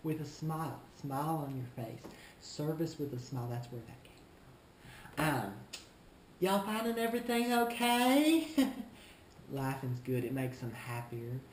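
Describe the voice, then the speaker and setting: A man playing a smug, self-important male shoe store clerk in a comedic vlog monologue, talking in a deliberate, condescending way. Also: mid-range voice, steady tone, darkish tone, slight background noise, lightly acted. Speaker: shoe store employee character. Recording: roomy echo, faint ambience.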